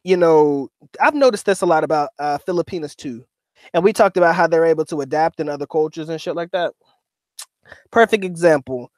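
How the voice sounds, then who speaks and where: A man chatting on a livestream in loose slang, dropping curses and laughing easily. His voice sits a little high, and it sounds dry and close, with no room around it. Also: a little fast, dry recording. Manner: slangy and profane, laughs often. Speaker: livestream co-host reading chat. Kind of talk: casual livestream chat.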